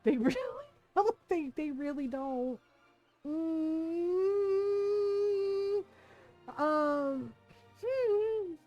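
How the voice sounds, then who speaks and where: A woman's voice: high-pitched, slow pace, dull audio, faint music behind. A woman streaming a game, chatting casually and laughing as she plays. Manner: chatty, laughing, animated impressions. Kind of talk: casual live-stream commentary.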